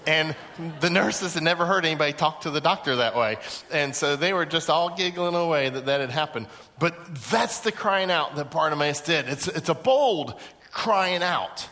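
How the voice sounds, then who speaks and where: A man's voice: on the high side, moderate pace. A male pastor preaching a sermon in a large auditorium, telling stories and acting out the voices in them. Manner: lively storytelling, acts out quoted voices. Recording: echoey hall.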